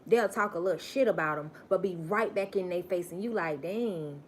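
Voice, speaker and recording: A woman's voice: fairly low pitch, fairly quick, slight background noise. A woman giving a live-stream spiritual message, emphatic and preachy, repeating phrases for stress.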